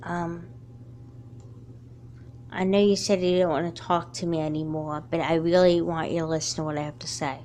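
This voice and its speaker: A woman voicing a remorseful schoolgirl who quietly apologizes to her friend in a fan doll movie. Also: deep voice, level tone, moderate pace, long pauses, slight background noise, close to an everyday voice. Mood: pleading. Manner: soft, apologetic.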